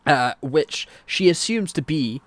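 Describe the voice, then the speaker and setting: A man's voice: a little high, slow pace, no room sound. A man co-hosting a podcast, chatting casually as he recaps a TV plot, swearing often and acting out the characters' lines. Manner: animated, sweary, acts out quotes. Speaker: podcast co-host. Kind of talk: casual chat recapping a TV show.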